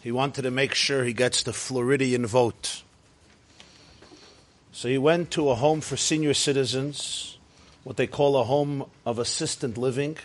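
A man's voice: medium pitch, steady tone, unhurried. A man teaching a class on Jewish faith, emphatic and building phrase on phrase.

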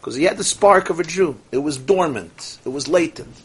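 Teaching Torah, this rabbi weaves Yiddish and Hebrew words into his English and moves from quiet asides to mounting exclamations. He speaks at normal speed in a slightly high, husky voice with lively intonation.

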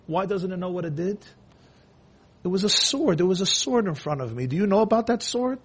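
A man giving an impassioned sermon, repeating phrases and swinging between hushed and loud delivery. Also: high-pitched, animated, brisk, husky.

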